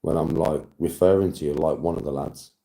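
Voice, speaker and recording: A man's voice: extremely low pitch, a little fast, creaky, warm tone. A man live-streaming, chatting to his viewers in casual banter, laughing often and swearing freely.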